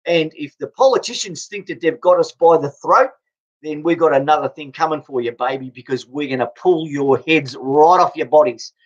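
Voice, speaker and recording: A man's voice: a little high, normal speed. Angry Australian man ranting, lo-fi. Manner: blunt, swearing, stumbling restarts. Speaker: political vlogger. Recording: dull lo-fi recording.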